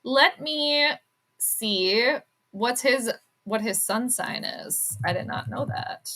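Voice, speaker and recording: On a casual livestream about sports and astrology, a woman chats and giggles while reacting to viewer comments, using lots of fillers. Her voice is fairly high, bright and forceful, and she speaks slowly.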